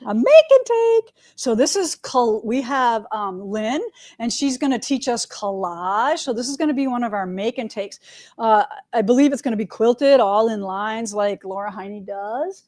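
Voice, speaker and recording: Running through announcements on her quilt shop's casual live stream, a middle-aged woman stays chatty and upbeat, peppering her talk with "all right" and "right?". She speaks at a normal speed in a fairly high voice with a darkish tone.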